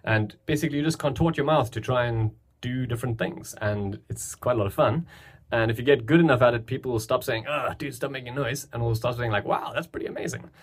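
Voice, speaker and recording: A young man with a slightly husky voice talks a viewer through beatbox sounds into his camera mic. He is relaxed and chatty, and his explanations wander and restart as he goes. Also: medium pitch, quick pace. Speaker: beatbox teacher. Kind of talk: casual tutorial. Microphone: camera mic, filming himself.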